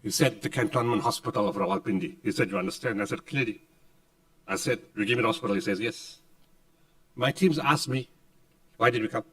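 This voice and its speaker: A man's voice: brisk, fairly bright tone, far from the mic, low-quality recording. Emphatic male speaker heard from afar. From South Africa. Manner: dramatic, emphatic, acts out dialogue in lower voice. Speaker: keynote speaker. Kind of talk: storytelling speech. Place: conference hall.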